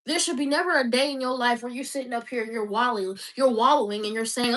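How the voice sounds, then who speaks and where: Woman, high voice, passionate and preachy, repeats herself, a bit far from the mic. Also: quick pace, few pauses, fairly bright tone. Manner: passionate, preachy, repetitive exhortations. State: crying. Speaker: vlogger. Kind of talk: emotional faith-based monologue.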